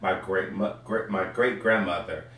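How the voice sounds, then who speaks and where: Deep-voiced man in an echoey room. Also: steady tone, moderate pace, a bit bright. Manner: earnest, reflective, playful when teasing. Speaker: guest, sweet potato pie baker. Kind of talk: casual talk show chat. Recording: echoey room, distant mic, faint crowd and noise.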